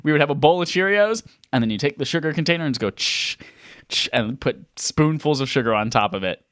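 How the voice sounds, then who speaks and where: An animated podcast co-host telling stories with mock drama and real enthusiasm. The voice sits mid-range and swings widely in pitch. The recording is close and completely dry. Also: brisk, no room sound. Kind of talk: casual chat.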